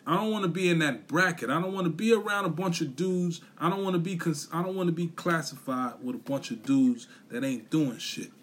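A man's voice: on the high side, a little fast, hardly any pauses. A man on a podcast giving a blunt, profane, repetitive motivational rant, full of slang. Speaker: podcast host.

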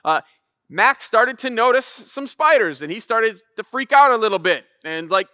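A man, a pastor in his thirties, telling a casual, animated sermon story and acting out voices. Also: high-pitched, moderate pace, smooth, no echo, clean studio sound.

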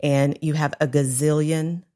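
A woman's voice: low-pitched, level tone, a little slow, dark tone. A woman co-hosting a casual chat, candid and self-deprecating, speaking to listeners. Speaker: podcast co-host.

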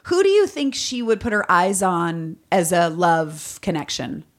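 A middle-aged woman hosting a podcast, chatting casually with a playful, teasing manner and quick joking asides. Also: lowish voice, sing-song. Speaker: podcast host. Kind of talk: casual chat.

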